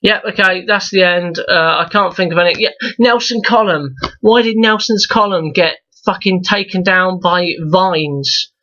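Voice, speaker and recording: A man's voice: high voice, unhurried, hardly any pauses, pushed and bright, muffled recording. A young man ranting in a profane, rambling review vlog, exasperated and full of restarts. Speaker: YouTube reviewer.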